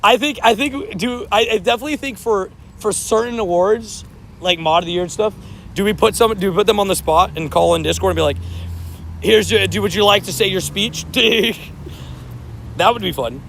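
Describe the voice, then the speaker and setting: A man's voice: high-pitched, fairly quick, gravelly, a bit bright. A man hosting a live stream outdoors near traffic, chatting casually and rambling while laughing easily with viewers.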